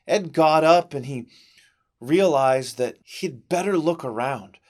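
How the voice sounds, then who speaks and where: A man narrating a Bible story for children, telling it in a dramatic, expressive way with big swings in delivery. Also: a little high, slow pace. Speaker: children's ministry teacher.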